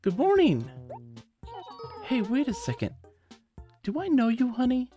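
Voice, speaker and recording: A woman's voice: a little high, huge pitch swings, unhurried, mellow, faint music behind, pitched above the performer's own voice. A woman voicing a sweet, motherly female bear villager in a video game, in a friendly and doting way.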